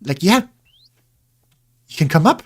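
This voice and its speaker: A man's voice: fairly high pitch, sing-song, measured pace, breathy edge. A man casually chatting while streaming a building game, rambling and coaxing his in-game pets along. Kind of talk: casual gameplay commentary.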